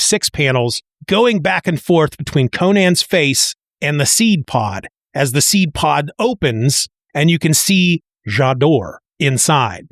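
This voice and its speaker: This is a man with a fairly high voice, hosting a relaxed comic book recap. He talks in an excitable, chatty way and stumbles into restarts as he walks through each page. His voice sounds close and dry. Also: no room sound. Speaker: comic book podcast host.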